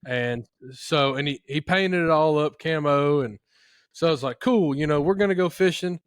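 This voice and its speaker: A man hosting a podcast, telling a story in a rambling, folksy, animated way. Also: a little high, normal speed, dry recording, clean studio sound. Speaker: podcast host. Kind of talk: casual storytelling chat.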